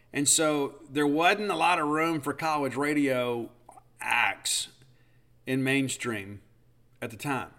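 A man's voice: mid-range voice, a bit bright. Rambling middle-aged man telling stories. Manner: rambling, self-deprecating, many fillers. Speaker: podcast host. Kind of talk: casual storytelling monologue.

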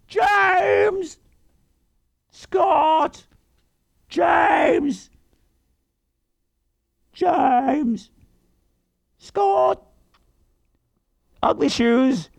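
A man's voice: very high voice, creaky, dry recording, voice pushed up, full character voice. Brief: whiny young British woman, thick wet accent, calling out names over and over, mocked by a male host.

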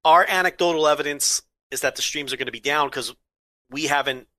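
A man's voice: fairly high pitch, fairly quick, bright, forceful tone, no echo. A man co-hosting a podcast in casual chat, dry, blunt and wisecracking. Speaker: podcast co-host.

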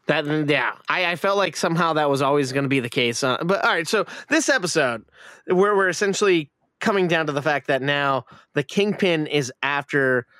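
A man's voice: a little high, expressive, moderate pace, bright, forceful tone, no echo, studio quality. A man co-hosting a casual show review, enthusiastic and sweary, with frequent hesitant fillers. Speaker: podcast co-host. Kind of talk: casual chat reviewing a TV series.

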